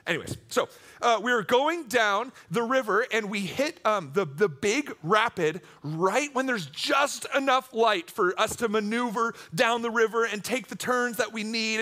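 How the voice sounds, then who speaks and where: A young man gives a storytelling youth sermon from a church stage, rambling through jokey, self-deprecating asides. His voice is high-pitched and bright, with a forceful edge. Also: animated, normal speed. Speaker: youth pastor.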